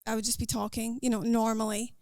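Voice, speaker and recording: A woman with a Scottish accent, a podcast guest talking earnestly and quickly about her faith and daily life. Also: fairly high pitch, flat delivery, darkish tone, smooth, dry recording, clean studio sound. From Scotland. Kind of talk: casual interview chat.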